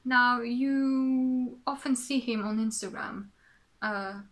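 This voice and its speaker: A woman's voice: fairly high pitch, fairly even intonation, takes it slowly, a bit bright. A woman from France with a French accent, chatting casually as a podcast host, rambling and correcting herself as she goes. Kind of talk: casual show-and-tell chat.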